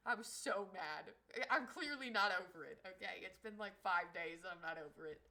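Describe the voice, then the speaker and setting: Bright, lively woman streamer. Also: medium pitch, normal speed, hardly any pauses, low-quality recording. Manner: animated storytelling, swears, laughs. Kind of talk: casual livestream chat.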